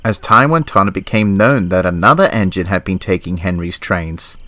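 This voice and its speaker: Man narrating a storybook, low voice. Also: animated, normal speed, bright, forceful tone, dry recording, poor audio.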